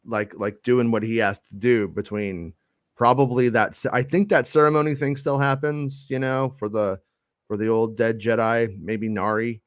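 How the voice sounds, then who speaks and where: A man's voice: mid-range voice, fairly even intonation, moderate pace, no echo, studio quality. Joking, rambling man hosting a show. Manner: rambling, joking, lots of fillers and restarts. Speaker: podcast host. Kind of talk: casual chat.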